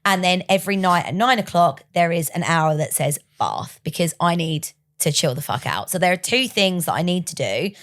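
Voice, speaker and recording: A woman's voice: on the low side, animated, moderate pace, few pauses, a bit bright. A woman chatting frankly as a podcast guest and business mentor, with casual swearing. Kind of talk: casual chat.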